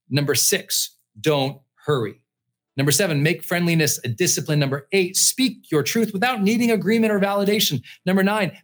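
A middle-aged man hosting a podcast, giving an energetic, emphatic motivational talk and listing numbered points. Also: sits high. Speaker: podcast host.

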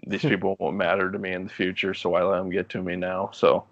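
Podcast guest, young man, deep voice, easygoing rambling storyteller, dry muffled recording. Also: quick pace, no echo. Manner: relaxed, rambling, laughs often. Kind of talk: casual storytelling chat.

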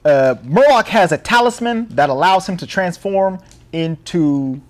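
Host: joking man, slightly high voice. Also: animated, a little slow. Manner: jokey, laughs often while recapping a film plot. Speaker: podcast host. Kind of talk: casual podcast chat.

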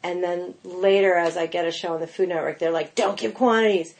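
A woman's voice: fairly low pitch, a little fast. A woman guest on a podcast, telling stories in casual chat, full of "like" and "you know", and acting out what people said. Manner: animated storyteller, lots of "like" and "you know", acts out quotes. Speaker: guest, pastry chef.

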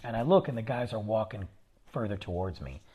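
Male podcast host, husky voice, lively up-and-down delivery, rambling anecdotal storyteller. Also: lowish voice, fairly quick. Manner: rambling, animated anecdote-telling with fillers. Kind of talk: casual storytelling.

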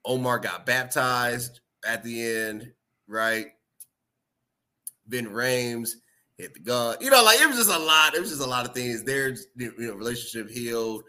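A man hosting a casual podcast chat, animated and laughing often, acting out movie lines. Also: mid-range voice, unhurried. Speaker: podcast host.

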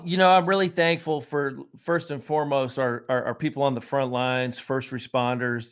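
A man who once played football talks on a sports podcast in an earnest, conversational way. He slips easily into telling stories from his career at a middle pitch. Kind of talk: casual sports podcast chat and storytelling.

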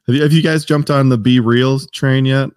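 A man's voice: mid-range voice, steady tone, moderate pace, darkish tone, dry recording, clean studio sound. A man chatting as a podcast guest, hesitant, with frequent ums and restarts. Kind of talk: casual podcast chat.

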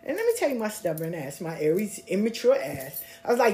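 A woman hosting a podcast, telling personal stories in a casual, blunt, animated way and swearing freely. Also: medium pitch, a little fast, slight background noise. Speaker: podcast host. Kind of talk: casual storytelling monologue.

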